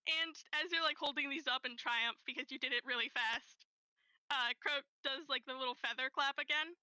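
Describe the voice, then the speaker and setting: Woman game master, high, very bright voice, gentle unhurried narration, dry close mic. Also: no room sound, rough recording.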